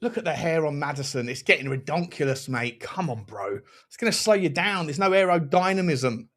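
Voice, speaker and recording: A man hosting a live football watchalong, animated and excitable, quick to laugh and swear while chatting over the match. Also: on the high side. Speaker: fan channel host.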